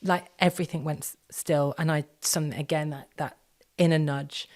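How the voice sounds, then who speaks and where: A woman telling a personal story as a podcast guest, lively and quick, acting out the voices of people she quotes. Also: low voice. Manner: animated, acts out quoted dialogue in quick bursts. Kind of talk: storytelling in conversation.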